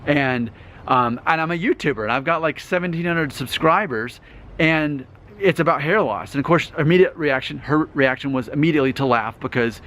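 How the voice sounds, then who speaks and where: A man's voice: a little high, normal speed, fairly bright tone. A man in his thirties vlogging in a casual, rambling, self-assured way, often restarting his sentences. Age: 30s. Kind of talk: casual talking-head vlog.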